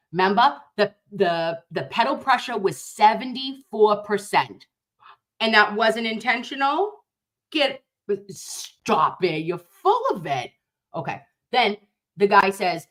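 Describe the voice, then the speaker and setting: Animated woman reacting to news clips. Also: mid-range voice. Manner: animated and emphatic, talks straight to viewers. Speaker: commentary host. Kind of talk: casual reaction commentary.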